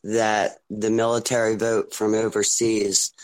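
A man calling in to a talk show who speaks haltingly with many fillers. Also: on the low side, level tone, low-quality recording. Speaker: caller. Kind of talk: call-in chat.

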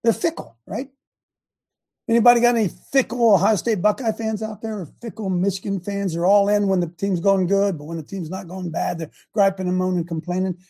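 Male host-preacher, raspy and dark-toned, casual and chatty, fires questions at the audience. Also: sits high, a little fast. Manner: animated, talks straight to viewers with repeated questions; restarts and stumbles often. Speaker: host of an online faith show.

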